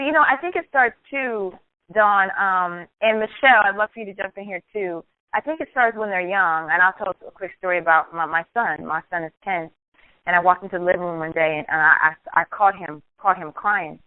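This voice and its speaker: A woman's voice: lowish voice, fairly quick, no echo. Woman radio host over a tinny line. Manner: earnest, animated storyteller with restarts. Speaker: radio talk show host. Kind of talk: call-in radio discussion, personal storytelling. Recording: tinny phone-line sound, dry.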